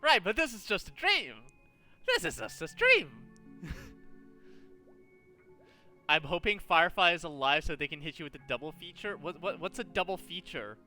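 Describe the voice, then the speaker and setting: A man streaming a game, chatting casually, animated and exasperated, swearing often at a desk mic. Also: sits high, normal speed, long pauses, soft background music. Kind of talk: casual livestream chat while gaming.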